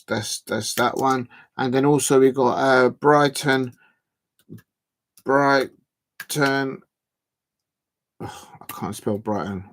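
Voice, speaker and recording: A man, chatting casually on a live football watch-along stream, rambling and drawing out words as he types. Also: medium pitch.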